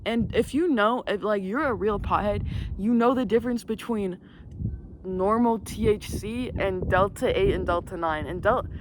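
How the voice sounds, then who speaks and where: A young female vlogger with a mid-range voice tells a story at normal speed while outdoors, with wind and passing vehicles in the background. Her casual chat rambles, swears freely, and leans heavily on filler words.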